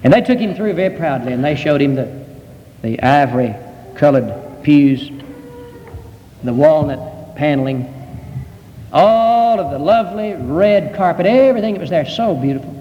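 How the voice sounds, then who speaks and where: A male preacher giving a sermon, slow and emphatic, with many rhetorical questions. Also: fairly high pitch, expressive, long reverb tail, muffled recording, slight background noise.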